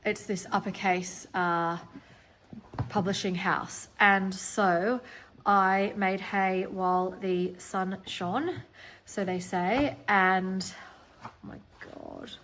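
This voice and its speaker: A middle-aged woman chatting casually in a vlog, gushing excitedly over her finds. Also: medium pitch, takes it slowly, slight background noise, low-quality recording. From Australia. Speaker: vlogger. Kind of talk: casual chat.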